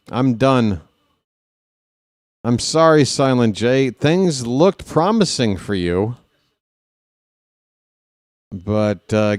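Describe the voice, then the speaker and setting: A man calling a ballgame at an unhurried pace, drifting into joking, rambling asides between pitches. His voice is dry and close, with no room sound around it. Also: darkish tone, no echo. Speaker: play-by-play announcer. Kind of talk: casual live baseball play-by-play.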